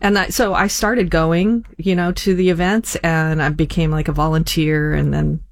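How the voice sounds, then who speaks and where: A woman guest telling a personal story in a halting way, with frequent restarts. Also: sits low, fairly even intonation, creaky.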